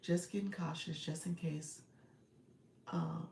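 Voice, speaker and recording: A woman with a lowish, gravelly voice chats through a live stream, calling out viewers by name between easy fillers. She sits a little back from a phone mic, so the sound is roomy with a faint hiss behind it. Her talk is loose and friendly, full of "friend" and "y'all.". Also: steady tone, takes it slowly. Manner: chatty, warm greetings to viewers by name, frequent laughs and fillers. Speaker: live stream coach and host. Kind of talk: casual live stream chat reading viewer comments. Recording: roomy, distant phone audio with faint noise.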